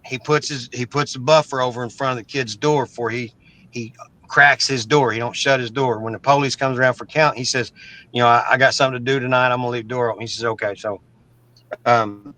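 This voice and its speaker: A man's voice: medium pitch, fairly even intonation, a little fast, sharp tone, dry recording, poor audio. A middle-aged man from Oklahoma, a guest telling a story in a casual, blunt, profane way, often stumbling and repeating words. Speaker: interview guest.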